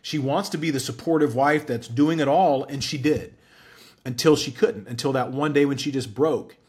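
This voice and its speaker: A man in his forties, a guest in an interview, telling his story in a candid, animated way. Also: mid-range voice, moderate pace. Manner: candid, animated storyteller who acts out quoted dialogue.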